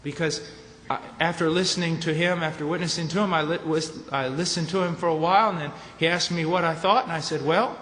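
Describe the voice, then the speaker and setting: A man preaching at a conference, emphatic, ranging from low, quiet statements to shouted points. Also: fairly even intonation, quick pace, few pauses. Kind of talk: conference sermon. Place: large conference hall. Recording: echoey hall with faint noise.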